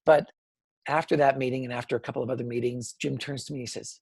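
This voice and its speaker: A Canadian man, an interview guest, telling personal stories in an animated way and acting out quoted dialogue. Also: medium pitch, quick pace, vocal fry, slightly rough, dry recording, studio quality. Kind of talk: conversational storytelling.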